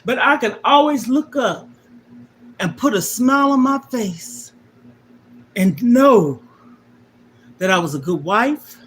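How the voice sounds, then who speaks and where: Faint music plays behind a middle-aged woman hosting a livestream, whose fairly high, expressive voice moves slowly with frequent pauses. She talks to viewers about her life emotionally and emphatically, repeating key points as though preaching.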